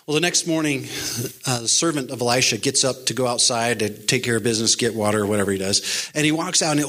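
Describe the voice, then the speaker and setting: A middle-aged man preaching a sermon and retelling a Bible story in an animated way, acting out the characters in higher voices. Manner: animated storytelling, voicing characters with pitch jumps. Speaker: pastor.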